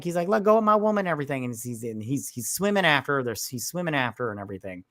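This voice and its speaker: A man's voice: medium pitch, lively intonation, racing, fairly bright tone, dry recording, studio quality. A man co-hosting a casual live movie-review stream, rambling and swearing as he retells scenes and acts out the characters' lines.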